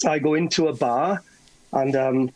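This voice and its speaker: A man with a West Welsh accent telling anecdotes as a guest, animated, with stammering restarts. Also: medium pitch, a little slow, rough recording. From Wales. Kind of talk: anecdotal storytelling.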